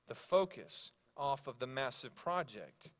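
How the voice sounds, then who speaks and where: A male pastor preaching a sermon, telling stories with animated swings between loud exclamations and hushed asides. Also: medium pitch, unhurried. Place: church sanctuary.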